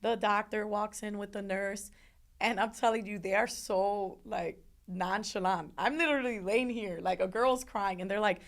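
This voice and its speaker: A woman's voice: mid-range voice, moderate pace. Young woman, interview guest, earnest heartfelt storytelling, repeats words. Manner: earnest, repeats words, acts out others' voices. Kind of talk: emotional personal storytelling.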